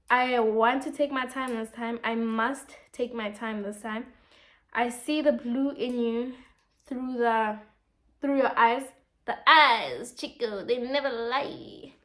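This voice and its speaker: A woman explaining a poem in a casual lesson, reading lines aloud and asking rhetorical questions. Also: a little high.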